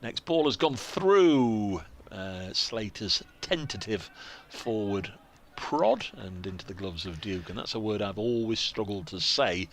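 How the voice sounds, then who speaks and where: A man's voice: lowish voice, animated, moderate pace, hardly any pauses, slight background noise. Chatty English man commentating on cricket. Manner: chatty, self-deprecating, reads out viewer messages. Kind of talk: live ball-by-ball commentary. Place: commentary box at a cricket ground.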